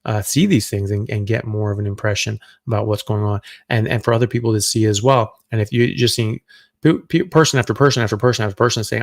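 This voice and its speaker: A middle-aged man with a low, gravelly voice, hosting a live question-and-answer stream as a doctor. He talks loosely and conversationally, thinking aloud as he goes. The sound is dry and close. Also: steady tone, quick pace, no echo.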